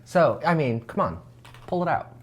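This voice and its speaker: A woman's voice: low voice, big pitch swings, normal speed, heavy background noise. A woman co-hosting a podcast, trading playful, crude jokes with many ums in casual banter. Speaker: podcast co-host.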